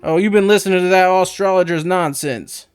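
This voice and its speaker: A man voicing a male village head in a game, with a slow country drawl and a chatty, evasive manner. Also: high-pitched, clean tone, no room sound, soft background music, pitched above the performer's own voice, close to an everyday voice. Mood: folksy.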